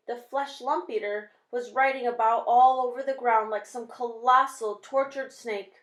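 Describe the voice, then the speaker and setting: A woman reading a children's novel aloud with steady, expressive storytelling. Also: on the high side, normal speed, few pauses. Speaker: reader. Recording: roomy echo.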